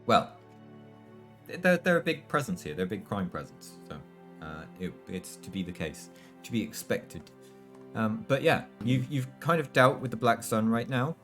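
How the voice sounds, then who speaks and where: A man's voice: on the low side, lively intonation, normal speed, fairly bright tone, faint music behind. A man narrating as game master in a tabletop role-playing game, dry and wry, with frequent restarts.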